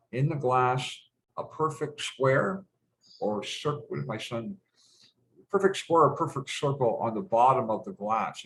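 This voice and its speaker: A man's voice: mid-range voice, a bit bright, rough recording. A middle-aged man telling stories as a guest in a casual conversation, rambling and hesitant, stopping and restarting, with frequent swearing. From Canada.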